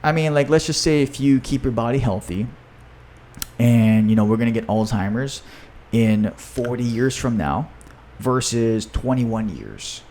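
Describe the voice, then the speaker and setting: A man's voice: mid-range voice, a little slow, darkish tone, slight background noise. A man hosting a podcast in a casual, enthusiastic talk, often adding "you know" and "right?". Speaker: podcast host and author.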